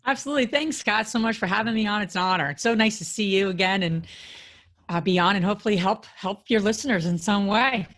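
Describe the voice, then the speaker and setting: A woman's voice: mid-range voice, fast, fairly bright tone. A woman guest on a podcast interview, a real estate investor, friendly and talkative with "you know" fillers.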